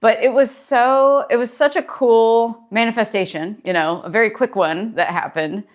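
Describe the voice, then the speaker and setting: A woman's voice: fairly high pitch, steady tone, normal speed. A woman therapist talking in a casual daily vlog, chatty and encouraging as she tells a story, wearing a personal mic.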